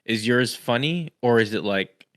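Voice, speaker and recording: A man's voice: medium pitch, lively intonation, normal speed, fairly bright tone. A man in his thirties from Texas, a podcast co-host who teases and laughs easily in casual chat.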